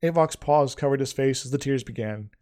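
A man's voice: mid-range voice, brisk, darkish tone. Man reading his own story, casual slips. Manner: plain reading with frequent slips and restarts.

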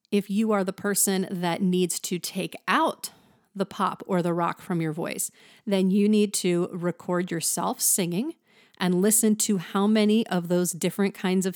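A woman's voice: lowish voice, a little mellow, no echo, clean studio sound. A woman from Southern California with a touch of a Valley accent, teaching singing and demonstrating sounds with her voice. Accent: Valley girl. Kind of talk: vocal lesson.

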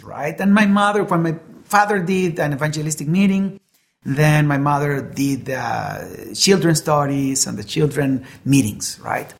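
A preacher with a gravelly, mid-range voice and a touch of fry delivers a sermon with a story woven into the message. He's earnest, often restarting and repeating words as he searches for them.

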